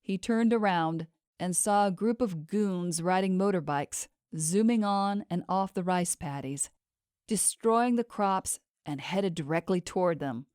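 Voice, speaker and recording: A woman narrating a fantasy audiobook in an even, measured storytelling manner. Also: on the low side, clear, resonant tone, no room sound, clean studio sound. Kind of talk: scripted narration.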